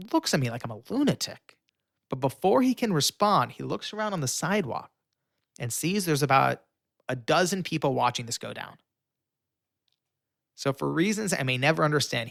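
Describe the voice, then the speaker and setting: A young man telling a story with lively energy, filling it with fillers and acting out the voices of the people in it. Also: mid-range voice, moderate pace, creaky, pauses often, dry recording, studio quality. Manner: acts out quoted voices, shouting and pleading; frequent fillers. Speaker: guest storyteller. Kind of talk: animated storytelling.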